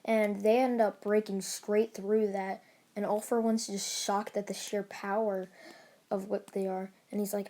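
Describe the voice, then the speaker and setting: A woman's voice: mid-range voice, little pitch movement, unhurried, warm tone. A woman casually retelling a fan story, rambling along with lots of fillers and restarts.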